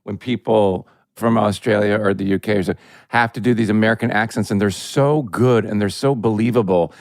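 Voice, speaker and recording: A man co-hosting a podcast, talking in an enthusiastic, halting, self-deprecating way. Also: lowish voice, dry recording, studio quality. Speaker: podcast co-host. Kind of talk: casual interview banter.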